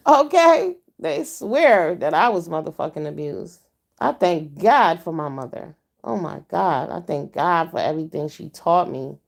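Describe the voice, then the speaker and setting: A middle-aged woman ranting bluntly and profanely to her viewers in a casual vlog. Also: medium pitch. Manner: blunt and profane, with frequent mm-hmms. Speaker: vlogger.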